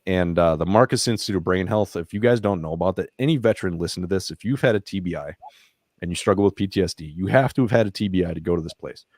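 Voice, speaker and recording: A man with a low, deep voice talks as a veteran and nonprofit founder on a podcast. He tells his stories casually and candidly, swears freely, and lets his emotion show as he retells events. The sound is dry and close, with little room echo. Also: fast talker. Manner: profane, emotional, animated retelling. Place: podcast studio.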